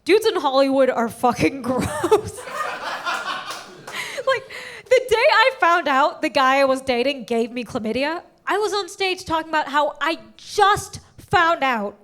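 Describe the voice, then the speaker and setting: High-voiced woman doing stand-up. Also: a little slow. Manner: animated storytelling, laughing at her own jokes. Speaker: stand-up comedian. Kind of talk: stand-up comedy set. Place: comedy stage.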